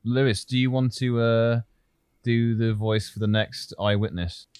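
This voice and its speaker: A man's voice: medium pitch, fairly even intonation, unhurried, darkish tone, smooth, dry recording, studio quality. A man from the English Midlands hosting a podcast, telling a story in a joking, rambling way. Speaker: podcast host. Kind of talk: casual podcast chat.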